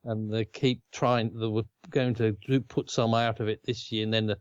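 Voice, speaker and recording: A man's voice: on the low side, level tone, normal speed, lo-fi sound, a little hiss or hum. A man with an Australian accent co-hosting a casual chat, rambling and chuckling often. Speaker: co-host.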